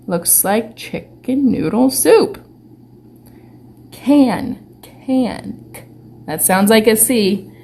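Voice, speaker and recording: Slow sing-song woman teacher. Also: on the high side, darkish tone, a little hiss or hum. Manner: sounds out letters slowly. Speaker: preschool teacher. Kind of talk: online lesson for young children.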